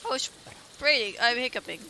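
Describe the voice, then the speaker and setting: A woman's voice: on the high side, animated, brisk, bright, forceful tone, a little hiss or hum. A young woman casually chatting and giggling while livestreaming a game to her viewers. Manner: giggly, playful, talks to chat and friends. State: yawning. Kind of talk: casual gameplay chat.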